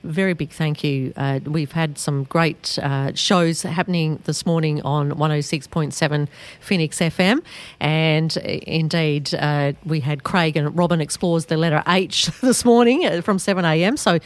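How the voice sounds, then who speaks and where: Lowish-voiced Australian radio host, chatty. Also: female voice, fairly even intonation, normal speed, dry recording. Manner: chatty, with frequent fillers and restarts. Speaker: radio sports show host. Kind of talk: community radio sports talk.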